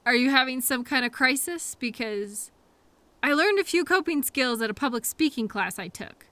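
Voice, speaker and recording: A woman's voice: high-pitched, lively intonation, moderate pace, pushed and bright, no echo. A young woman performing a scripted audio role-play as a coworker who finds the listener in a blizzard, fussy and scolding, then apologetic, with quirky mild exclamations.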